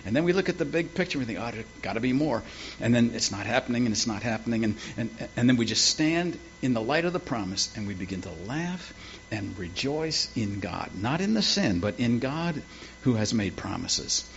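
Folksy, lively man preaching. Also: on the low side, a little hiss or hum. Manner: folksy, humorous storytelling. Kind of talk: sermon. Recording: dull lo-fi with faint ambience.

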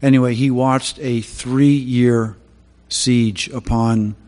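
A man giving a sermon, opening with prayer and then telling Bible stories in a halting way with many fillers. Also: mid-range voice, steady tone, a little mellow, in a large hall. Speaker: preacher.

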